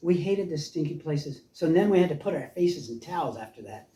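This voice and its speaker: Older guy rambling through goofy stories, lively voice, echoey room, mic far. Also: on the high side, a little fast. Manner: playful, meandering. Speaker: storyteller, guest. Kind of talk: rambling storytelling. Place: house by the ocean.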